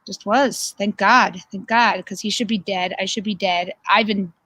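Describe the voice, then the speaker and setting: A woman on a video call, talking in a heartfelt, halting way with frequent restarts. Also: medium pitch, fairly even intonation, fairly bright tone, a little hiss or hum, poor audio. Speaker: guest. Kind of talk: casual chat on a video call.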